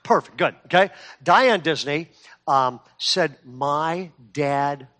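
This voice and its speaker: A man's voice: fairly high pitch, slow, sharp tone. A middle-aged man preaching a sermon to a congregation, telling a story with acted quotes and building to fervent emphasis. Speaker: pastor.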